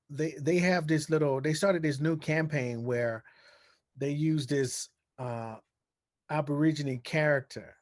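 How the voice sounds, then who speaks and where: A man with a slightly high voice tells a rambling story in casual conversation. He often stops on fillers while he searches for a word. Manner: rambling anecdote with many fillers. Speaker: guest. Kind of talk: casual chat.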